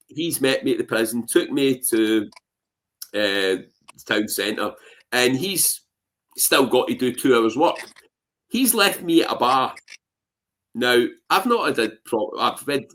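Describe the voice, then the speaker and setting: A Scottish man telling anecdotes in a casual interview, animated and full of "you know what I mean" fillers. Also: mid-range voice. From Scotland. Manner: animated, acts out voices in his anecdotes. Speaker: interview guest.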